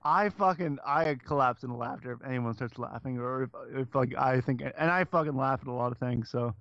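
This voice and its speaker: A man's voice: mid-range voice, a little fast, fairly bright tone, no echo, muffled recording. A man co-hosting a casual podcast who laughs easily and swears casually. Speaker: podcast co-host.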